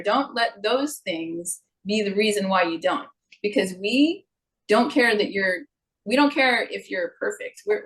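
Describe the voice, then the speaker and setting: A woman's voice: a little high, rough recording. A middle-aged woman, a singer and vocal coach, chatting as an interview guest and slipping into playful voices to make her points. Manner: expressive, jumps into playful character voices. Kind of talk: casual interview chat.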